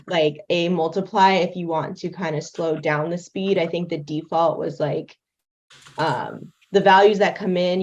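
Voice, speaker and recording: A young woman talks through her animation setup in a loose, chatty way, full of fillers and quick laughs. Her voice sits a little low and comes over a dull, lo-fi call line. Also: a little mellow. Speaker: guest creator demonstrating animation software. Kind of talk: casual livestream chat. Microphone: video call.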